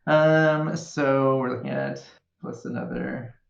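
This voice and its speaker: A man playing a tabletop game, talking in a halting, loose way and laughing at his own slips. His voice is gravelly. The recording is roomy and muffled, as from a cheap mic in an echoing space. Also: medium pitch, fairly even intonation. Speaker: player. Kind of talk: casual tabletop play. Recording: echoey room, dull lo-fi sound.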